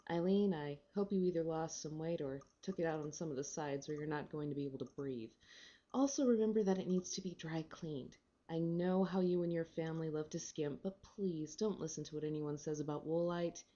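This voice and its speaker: A woman's voice: on the low side, mellow, lo-fi sound. A woman reading a short story aloud in a wry, sardonic storytelling manner. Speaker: reader.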